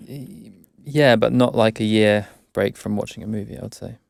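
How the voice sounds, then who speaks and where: Young English man, casual chat, smooth voice with a bit of fry, dry close sound, hedges a lot. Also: lowish voice, normal speed, darkish tone, no room sound. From England. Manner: hesitant, self-correcting, laughs easily. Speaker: guest, English teacher.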